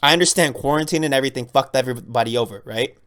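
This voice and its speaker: A man's voice: mid-range voice, very fast, fairly bright tone. A man co-hosting a podcast in a casual, curious way, often chiming in with agreement. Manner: laid-back, curious, agrees with lots of yeps and that's what I'm saying. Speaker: podcast co-host.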